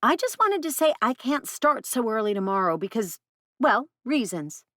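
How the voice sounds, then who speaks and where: A woman's voice: a little high, sing-song, normal speed, a bit bright, no room sound, clean studio sound, voice pushed up. A woman voicing a squeamish, sassy teenage girl who sounds exasperated. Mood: grossed out. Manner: whiny, exasperated.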